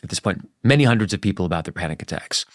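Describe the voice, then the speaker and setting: A man's voice: low voice, expressive, racing, dry recording, studio quality. A middle-aged man, a journalist guest in an interview, talking candidly and earnestly, acting out his anecdotes with animation.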